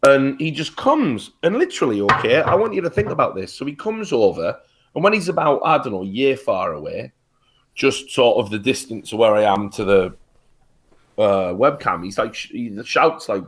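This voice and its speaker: A man's voice: mid-range voice, big pitch swings, normal speed, a bit bright, slightly rough. A British man telling a heated story on a talk show, swearing often and restarting his sentences. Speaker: guest.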